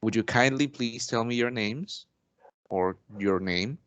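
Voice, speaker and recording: Taking the teacher's part in a role-played English lesson, this young adult from Mexico, a native Spanish speaker, talks a little slowly in a slightly bright voice of typical male pitch. He sounds formal and courteous, leaning on "actually" and restarting sentences. The sound is close and dry, nearly echo-free.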